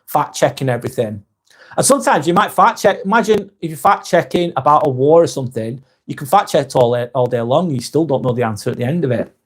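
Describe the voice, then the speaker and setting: A man with a Lancashire accent chats on his live vlog and reads out viewer comments. He is blunt and emphatic and swears freely, in a voice pitched a touch high. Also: animated, fast talker, husky. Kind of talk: live-stream chat, reading viewer comments.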